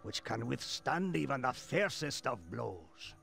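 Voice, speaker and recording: An actor playing a gruff blacksmith who speaks in formal, archaic phrases, from a video game. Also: male voice, medium pitch, very animated, measured pace, fairly bright tone, exaggerated voice. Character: gruff middle-aged male blacksmith. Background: game music.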